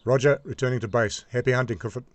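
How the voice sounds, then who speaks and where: A man voicing a calm, almost bored helicopter gunship pilot with an English accent, giving clipped radio calls. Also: mid-range voice, fast, no room sound, close to an everyday voice.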